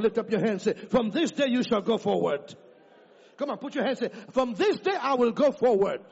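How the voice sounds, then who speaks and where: High gravelly preacher guy shouting lines for the church to say back, long echo, muffled sound. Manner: exhorting, repeats lines for the congregation to echo. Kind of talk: sermon with call-and-response. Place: large church hall. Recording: dull, echoey church recording.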